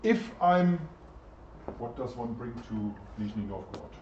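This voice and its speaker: A man's voice: mid-range voice, sing-song, a little slow, darkish tone, slight background noise. Chatty male lecturer in an echoey room. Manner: chatty, asks the class questions. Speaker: university lecturer. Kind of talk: interactive lecture. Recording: echoey, distant, dull lecture-room recording.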